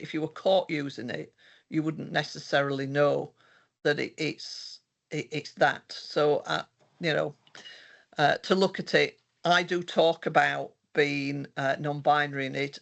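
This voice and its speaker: A man's voice: a little high, vocal fry, fairly bright tone. An older man giving a conversational presentation of his research, rambling with frequent restarts. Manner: meandering, many restarts. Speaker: researcher presenting their work.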